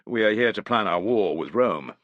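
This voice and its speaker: A man voicing a guarded, ambitious male war leader with a measured, courteous tone in an audiobook. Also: fairly low pitch, expressive, no echo, highs cut off, pitched above the performer's own voice, lightly acted. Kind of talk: audiobook character voice.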